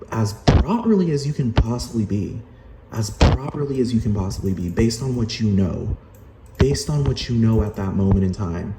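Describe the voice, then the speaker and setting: A heated, profane rant from a man with a lowish voice, repeating himself and keeping on asking whether you understand. The room rings with echo, and steady noise sits underneath. It is loud and restless throughout. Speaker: vlogger. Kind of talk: angry ranting vlog. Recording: echoey room with noise behind.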